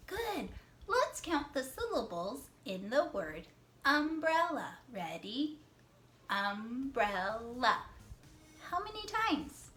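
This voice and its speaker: A woman teacher giving a reading lesson to young children. She talks slowly, draws out words to count syllables, praises answers, and sometimes whispers. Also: high-pitched, sharp tone. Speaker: classroom teacher.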